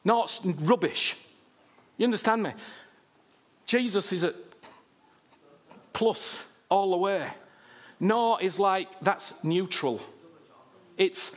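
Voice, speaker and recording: Male preacher, fairly high voice, impassioned sermon, repeats himself, rhetorical questions. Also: fairly bright tone.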